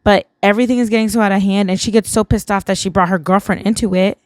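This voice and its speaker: A woman's voice: mid-range voice, fairly even intonation, quick pace, dry recording. Tipsy woman rambling through a film recap. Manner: rambling, heavy use of "like". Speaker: vlog host.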